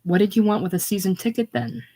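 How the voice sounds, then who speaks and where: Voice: medium pitch, steady tone, fast, gravelly, dark tone, pitched above the performer's own voice. A reader doing a curt, irritated husband. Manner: curt, resentful. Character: irritated middle-aged businessman husband. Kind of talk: audiobook character reading.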